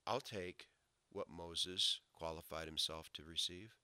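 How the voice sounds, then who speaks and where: A man preaching a sermon, swinging from loud emphatic lines to low quiet asides. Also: slow pace, no room sound. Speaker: pastor.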